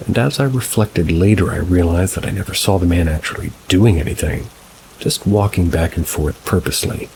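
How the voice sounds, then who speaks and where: Low male narrator for true ghost stories, calm and measured, with rain noise behind him. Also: vocal fry. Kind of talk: scripted narration of reader-submitted stories. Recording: rain sounds mixed behind the voice. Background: steady rain ambience.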